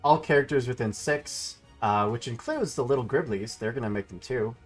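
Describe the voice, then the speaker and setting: Over soft background music, a man with a mid-range voice runs a tabletop game at a moderate pace. He delivers roll results and damage in a straightforward, matter-of-fact tone.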